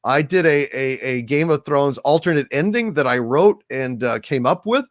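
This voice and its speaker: Soft-spoken halting male livestream host. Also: mid-range voice, expressive, dry recording, clean studio sound. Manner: soft-spoken and halting, thanking viewers by name. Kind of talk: casual livestream chat, reading viewer donations.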